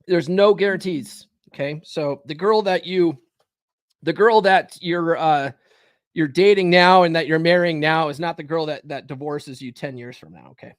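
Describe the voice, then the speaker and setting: A man hosts a live stream podcast in a fairly high voice, animated and loose with swearing. He talks with lots of fillers and "okay?" tags. The sound is dry and close. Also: moderate pace, smooth, no echo. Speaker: podcast host. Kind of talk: live stream commentary and book reading.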